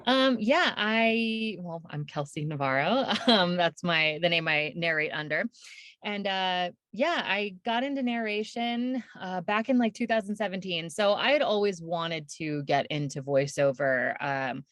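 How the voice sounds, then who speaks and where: Low-voiced woman audiobook narrator, dry sound. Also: unhurried, dry recording. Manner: laughs often, chatty and relaxed. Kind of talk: casual interview chat.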